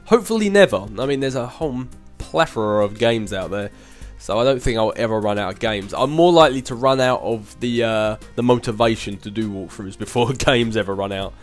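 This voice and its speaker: A man's voice: mid-range voice, lively intonation, brisk, few pauses, soft background music. A young man hosting his channel, casually answering viewer questions in a chatty, rambling way with frequent laughs. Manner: chatty, rambling, laughs often, with filler hums. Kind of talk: casual Q&A chat.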